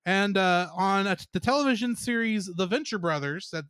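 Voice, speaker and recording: A chatty male podcast co-host with a high, bright voice that rises and falls a lot. He laughs easily as he reels off trivia, and the sound is dry and close to the mic. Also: animated, normal speed, smooth, no echo. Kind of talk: casual podcast chat.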